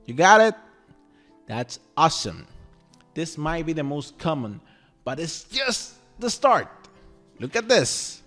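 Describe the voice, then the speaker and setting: A man whose first language is Spanish teaches a lively, scripted language lesson. His voice is on the high side, slow, with frequent pauses, and faint music plays behind him. He's animated, playful, and chatty, checking in often with "okay?"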